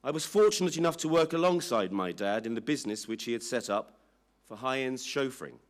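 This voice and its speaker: Guy reading out a statement at an inquiry, slow and measured, mid-pitch voice. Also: expressive. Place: public inquiry hearing room.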